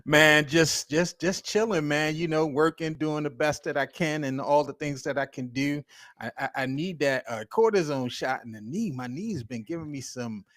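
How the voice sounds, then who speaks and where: A man's voice: on the high side, normal speed, fairly bright tone, no echo, studio quality. A man in his fifties co-hosting a casual sports podcast, teasing his partner and laughing often. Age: 50s. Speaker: podcast co-host.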